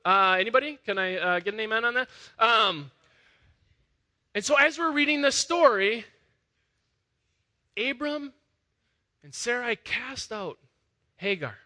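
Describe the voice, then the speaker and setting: A man preaching in a lively, conversational way. His voice is high and very bright, and it climbs to loud, emphatic peaks. It sounds like a full sermon. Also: measured pace, pauses often. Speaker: pastor.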